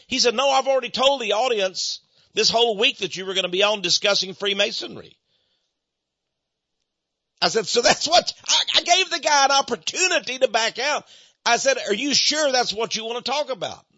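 Male speaker, American, dry husky delivery, plays every character in his anecdotes. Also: very high voice, moderate pace, dry recording. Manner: animated, acts out both sides of conversations. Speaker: Christian speaker on Freemasonry. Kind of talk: storytelling sermon talk. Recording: dull muffled lo-fi recording.

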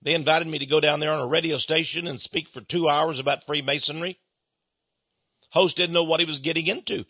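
Male speaker, American, dry husky delivery, plays every character in his anecdotes. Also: fairly high pitch, fairly quick, no echo. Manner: animated, acts out both sides of conversations. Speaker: Christian speaker on Freemasonry. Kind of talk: storytelling sermon talk. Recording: dull muffled lo-fi recording.

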